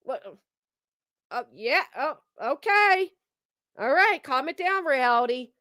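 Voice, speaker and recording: High-voiced woman ranting on a livestream. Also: animated, measured pace, pushed and bright, dry recording, studio quality. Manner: blunt, sarcastic, heavy cursing. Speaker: livestream commentator. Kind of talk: profane gossip commentary reading chat. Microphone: streaming desk mic.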